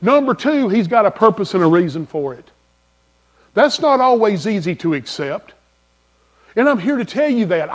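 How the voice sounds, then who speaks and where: A male pastor preaching a sermon in an emphatic, folksy manner, repeating key phrases and swinging from loud to soft. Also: high voice.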